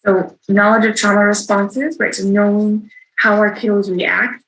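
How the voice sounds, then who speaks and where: A woman's voice: medium pitch, little pitch movement, measured pace, fairly bright tone, poor audio. A woman giving a virtual training to caregivers in a conversational way, often checking in with "right?". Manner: conversational, frequent tag "right?". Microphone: video call.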